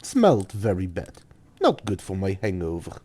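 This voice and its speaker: A man's voice: low-pitched, huge pitch swings, normal speed, darkish tone, husky, voice pushed down, exaggerated voice. A man voicing a grumpy handyman reading his diary, with a put-on Russian accent and clipped, broken sentences. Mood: grumbling.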